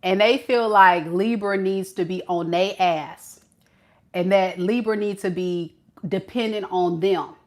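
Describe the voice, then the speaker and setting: A woman's voice: mid-range voice, a little slow. A woman giving a casual tarot reading to camera, talking in a sassy, slangy way and laughing often. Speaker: tarot reader.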